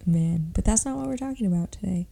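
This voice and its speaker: A woman's voice: medium pitch, animated, quick pace, vocal fry, warm tone. A woman co-hosting a faith podcast, chatting in a laid-back, self-deprecating way. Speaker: podcast co-host. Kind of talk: casual chat.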